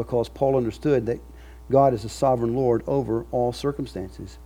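Brief: man, pastor mid-sermon, breathy-rough tone, emphatic rhythm. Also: mid-range voice, moderate pace, warm tone. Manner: emphatic, repetitive preaching cadence.

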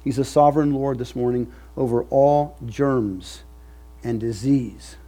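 Brief: man, pastor mid-sermon, breathy-rough tone, emphatic rhythm. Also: medium pitch, unhurried, warm tone. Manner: emphatic, repetitive preaching cadence.

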